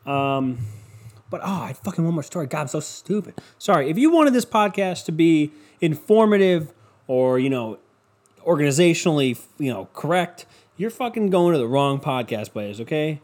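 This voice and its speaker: A man's voice: fairly high pitch, moderate pace. A man in his twenties hosting a podcast, ranting through a comic story with heavy swearing and sarcasm. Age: 20s. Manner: profane, sarcastic, animated impressions in quotes. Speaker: podcast host.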